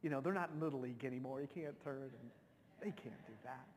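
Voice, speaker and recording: A man's voice: mid-range voice, fast talker, a little mellow. A middle-aged man, a pastor, telling a personal story in a sermon, emotional and conversational with many restarts. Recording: long hall reverb.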